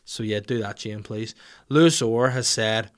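A man's voice: lowish voice, unhurried. A young man hosting a comedy podcast, swearing freely and acting out little scenes as he rants. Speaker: podcast host.

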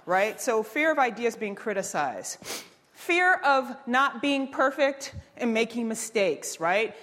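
A woman giving an energetic workshop talk, quizzing the audience and preaching her ideas. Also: high-pitched, measured pace, big-room sound. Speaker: workshop speaker.

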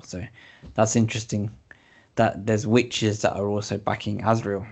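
A man in a casual podcast chat, slangy and quick to react. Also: fairly low pitch, little pitch movement, gravelly, a little mellow, slightly rough.

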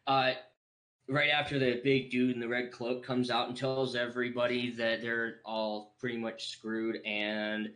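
A man's voice: medium pitch, little pitch movement, moderate pace, fairly bright tone, low-quality recording. A man on a casual podcast, telling a story enthusiastically and swearing freely.

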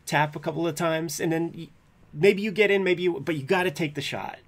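A man's voice: a little high, a little fast. Laid-back man hosting an interview. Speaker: podcast host. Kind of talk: casual interview.

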